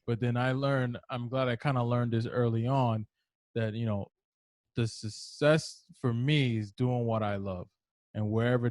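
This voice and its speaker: A man's voice: medium pitch, darkish tone, no echo, studio quality. A man hosting a casual podcast interview over a video call, talking in a conversational, reflective way with frequent fillers. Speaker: podcast host.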